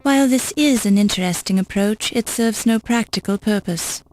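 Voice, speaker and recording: A woman's voice: mid-range voice, moderate pace, darkish tone, natural voice, poor audio. A woman narrating an adventure game with dry, wry scripted remarks.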